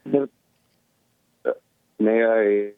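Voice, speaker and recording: A man's voice: fairly low pitch, fairly even intonation, drawn-out words, vocal fry, noisy background. A man from California calling into a radio talk show, emotional and hesitant, stumbling through his points over a poor phone line. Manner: emotional, hesitant, full of fillers. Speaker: caller.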